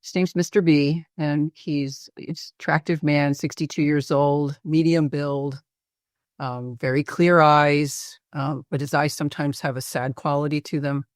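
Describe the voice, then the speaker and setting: A woman physician presenting a patient case in a webinar interview, speaking hesitantly with many pauses and fillers. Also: deep voice, steady tone, dry recording, studio quality.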